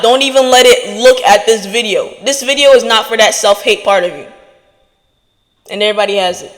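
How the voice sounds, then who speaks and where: A woman's voice: on the high side, a bit bright, big-room sound. A woman hosting a podcast, giving an earnest motivational talk straight to her listeners. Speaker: podcast host.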